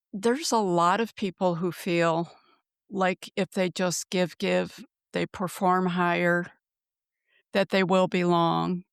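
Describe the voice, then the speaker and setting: A woman hosting an interview, affirming her guest and asking measured follow-up questions. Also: lowish voice, gravelly, smooth, no room sound, clean studio sound. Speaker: podcast host. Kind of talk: interview conversation.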